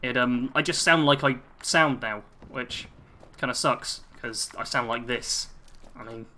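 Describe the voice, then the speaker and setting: A man's voice: medium pitch, measured pace, pushed and bright. A young British man chatting casually on a live stream while playing a game, reading viewer comments aloud and poking fun at himself.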